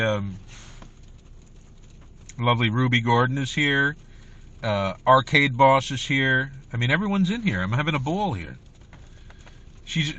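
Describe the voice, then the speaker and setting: A man's voice: medium pitch, pushed and bright. A man hosting a comedy livestream, chatting in a rambling way to viewers about his school days. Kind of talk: casual livestream chat.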